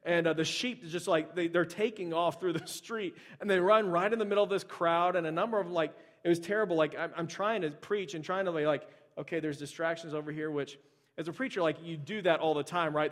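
Man, pastor, high voice, casual sermon, storytelling, filler words and restarts.

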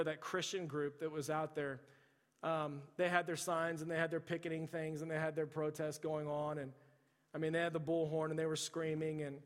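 Man, thirties, pastor, sermon, conversational, flat delivery, long hall reverb. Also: on the high side. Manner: conversational storytelling with frequent restarts and "like".

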